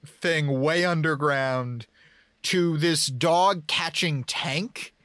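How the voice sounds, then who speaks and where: A man's voice: fairly high pitch, sharp tone, dry recording. Man joking in a dry, close recording. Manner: joking, laughing, quick asides. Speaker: podcast co-host. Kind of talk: casual chat.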